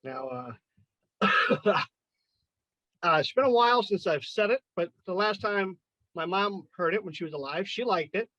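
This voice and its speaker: A man's voice: high voice, lively intonation, unhurried, pushed and bright, no echo, rough recording. A man in his fifties hosting a chat and then doing a loose, profane stand-up set. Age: 50s. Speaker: podcast host and amateur stand-up comic.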